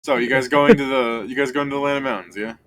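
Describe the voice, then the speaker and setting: A man's voice: mid-range voice, steady tone, fast, a crowd in the background. A man narrating a tabletop game as game master, jumping into character voices. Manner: voices characters with bursts of energy.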